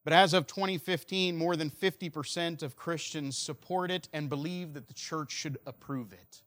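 A man preaching a sermon earnestly, moving between loud emphasis and quiet, slow stresses. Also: a little high. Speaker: pastor.

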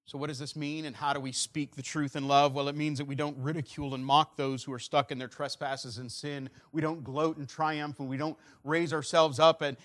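A man preaching a sermon earnestly, moving between loud emphasis and quiet, slow stresses. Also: fairly high pitch, level tone. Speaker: pastor.

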